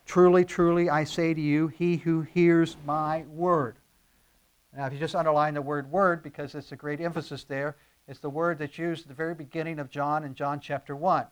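Earnest preaching man, rising emphasis. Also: on the high side. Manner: earnest, teaching, with emphatic rises and frequent fillers. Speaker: pastor. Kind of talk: verse-by-verse sermon.

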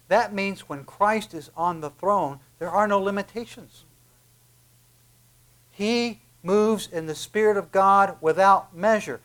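A male pastor preaching a sermon, swinging from loud emphatic peaks to hushed, quiet asides. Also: high-pitched.

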